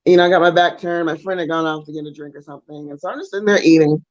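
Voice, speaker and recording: Animated woman telling a story. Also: sits low, rapid-fire, no room sound, muffled recording. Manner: animated storyteller, acts out voices in quotes. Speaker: co-host. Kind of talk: casual storytelling chat.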